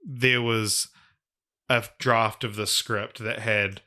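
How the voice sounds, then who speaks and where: Male podcast co-host, low-ish bright voice, rambling anecdotal chat. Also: steady tone. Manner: rambling, quick anecdotes with many restarts. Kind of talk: casual film review chat.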